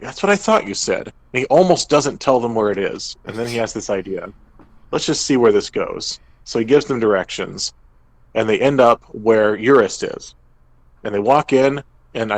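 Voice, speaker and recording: A young man with a fairly low voice tells the story of a tabletop game session as its game master, breezy and chatty, dropping into quick character lines now and then. The sound is dry and close, with little room to it. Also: no echo, rough recording. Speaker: podcast co-host and game master. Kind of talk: casual recap of a tabletop game.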